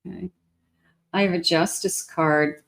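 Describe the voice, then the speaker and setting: A woman's voice: lowish voice, steady tone, measured pace, gravelly. A woman reading tarot cards for her viewers in a casual, chatty way, often repeating herself and laughing lightly. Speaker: tarot reader.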